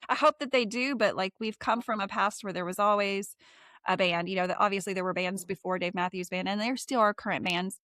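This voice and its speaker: A woman hosting a podcast in a relaxed, effusive way, often doubling her words for emphasis. Her voice sits in a middle register and sounds close and dry, with no room around it. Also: medium pitch, a little fast, dry recording. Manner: warm, effusive, repeats phrases for emphasis. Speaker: podcast host. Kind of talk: casual interview chat.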